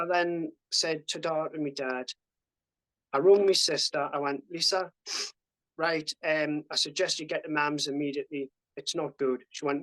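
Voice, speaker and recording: A man's voice: on the high side, a bit bright, rough recording. A man, a podcast guest telling a story casually, swearing freely and acting out what people said in a raised voice. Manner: swears freely, acts out quoted dialogue in a raised voice. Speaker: podcast guest, army veteran.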